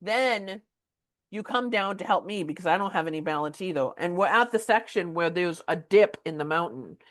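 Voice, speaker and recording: A woman hosting a podcast, telling a story in a casual, animated way with lots of filler words. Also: on the low side, moderate pace. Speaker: podcast host.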